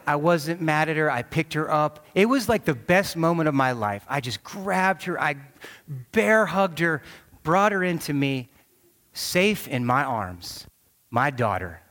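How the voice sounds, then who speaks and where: A man in his thirties preaching a sermon, telling a personal story with animated quoted voices. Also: a little high, measured pace. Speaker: pastor. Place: large church auditorium. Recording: long hall reverb.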